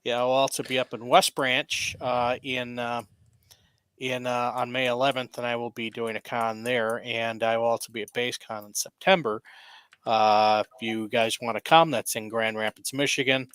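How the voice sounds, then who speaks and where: Bright-voiced rambling author, casual banter. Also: male voice, medium pitch, flat delivery, moderate pace, smooth, no room sound. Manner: rambling, self-promoting, joking. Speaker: author and podcast guest. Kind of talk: casual podcast chat.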